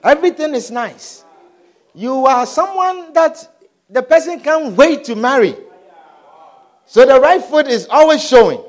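Lively high-voiced male preacher. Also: a little slow, pauses often. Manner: animated, repeatedly asks "Do you understand?". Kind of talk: sermon.

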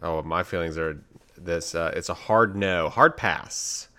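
A man co-hosting a casual chat about trailers, blunt, sarcastic and quick to dismiss. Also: low-pitched, steady tone, a bit bright, clean tone. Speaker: podcast co-host.

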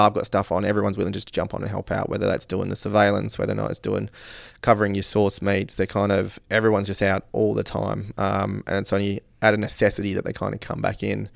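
Australian male officer, gravelly and lowish, loose rambling talker, dry close mic. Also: no room sound. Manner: loose, rambling, heavy fillers. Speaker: visiting police officer. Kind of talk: casual interview.

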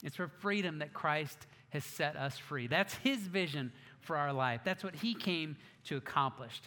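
Bright-voiced pastor in a reverberant hall. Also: male voice, a little high, measured pace. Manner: animated storytelling with self-mocking asides. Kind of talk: sermon.

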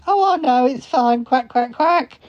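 A woman's voice: sits high, lively intonation, unhurried, dull audio. A woman voicing an eager, cheerful male talking duck who gushes and sprinkles quacks through everything he says, in a comedy podcast sketch. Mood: gushing.

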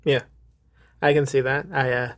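A man's voice: medium pitch, little pitch movement, normal speed, a bit bright, no echo. A man, a guest author, chatting casually on a podcast in a wry, laid-back way and laughing a lot.

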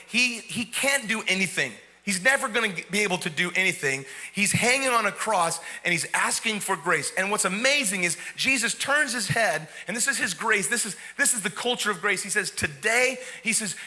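A man's voice: high-pitched, sharp tone. A male pastor preaching a sermon in an emphatic way, asking the crowd rhetorical questions and often repeating words.

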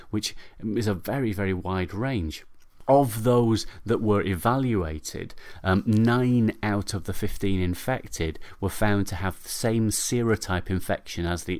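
A man with a British English accent hosting a medical podcast in a measured, explanatory way. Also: lowish voice, darkish tone. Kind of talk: scripted podcast narration.

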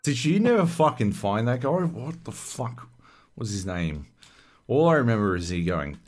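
A man's voice: fairly low pitch, big pitch swings, unhurried. A man co-hosting a podcast, giving blunt, sardonic opinions in casual chat with frequent swearing. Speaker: podcast co-host.

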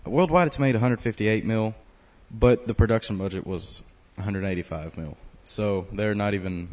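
A man's voice: on the low side, normal speed, a little mellow. A young man co-hosting a podcast in casual chat, dropping dry, sarcastic quips. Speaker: podcast co-host.

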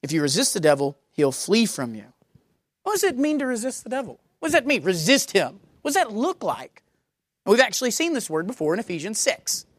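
Animated woman preaching a sermon. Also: medium pitch, brisk, breathy edge, no room sound, studio quality. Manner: emphatic, repeats key phrases for force. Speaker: pastor.

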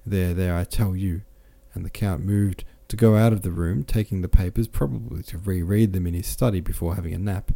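Low gravelly male audiobook narrator. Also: fairly quick, hardly any pauses. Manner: steady, with small self-corrections. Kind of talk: audiobook reading.

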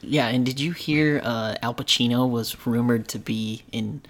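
A man's voice: mid-range voice, a little slow. A man hosting a podcast in casual chat, enthusiastic and opinionated. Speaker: podcast host.

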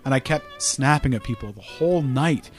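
A man spins a rambling, profane story on a podcast, his pitch leaping around with lots of life. Faint music sits in the background. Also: expressive, moderate pace. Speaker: podcast host. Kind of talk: casual storytelling chat.

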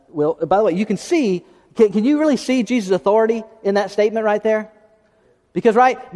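A man's voice: high-pitched, darkish tone. A man preaching a sermon as pastor, conversational, asking rhetorical questions and restarting his phrases. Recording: long hall reverb.

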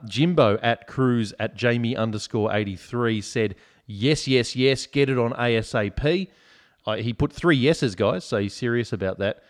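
An Australian man hosting a casual sports podcast, joking and reading out listener comments. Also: lowish voice. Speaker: podcast host.

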